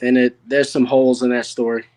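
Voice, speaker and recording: A man's voice: medium pitch, little pitch movement, a little fast, a little mellow. A man in a casual panel discussion, telling a story in a rambling way with fillers and restarts. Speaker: panel participant. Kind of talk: casual chat.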